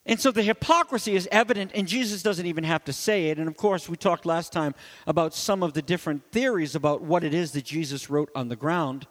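A man pastor preaching emphatically, his high voice climbing on loud points and dropping low to quiet ones. His words ring with a long reverb in a church. The delivery stays forceful and personal throughout. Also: brisk. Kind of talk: sermon.

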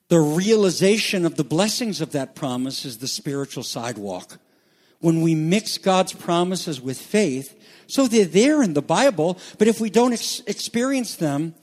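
Male pastor, fairly high voice, sermon delivery with hushed lows and rising emphatic peaks. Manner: preaching with rising, animated emphasis and hushed low passages.

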